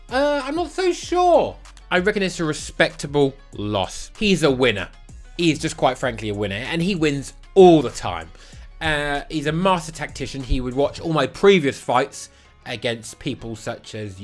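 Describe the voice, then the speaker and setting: A young man riffing through a crude comedy rant. His pitch swings widely, from loud bursts down to mutters. Faint music plays behind him. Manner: animated, crude, jokey. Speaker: YouTube host. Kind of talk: comedic monologue.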